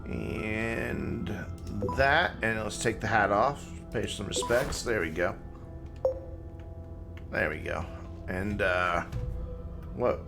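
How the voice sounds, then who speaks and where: A man streaming a video game, giving relaxed, chatty commentary and thinking aloud as he plays. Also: on the low side, takes it slowly, creaky, pauses often. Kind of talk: casual gameplay commentary. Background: game music.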